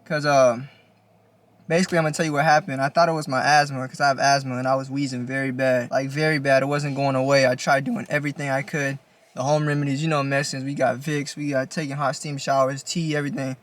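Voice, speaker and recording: A man's voice: mid-range voice, level tone, quick pace, a bit bright. A young man telling a story on his own vlog channel in a laid-back, slangy, casual way. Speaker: YouTuber.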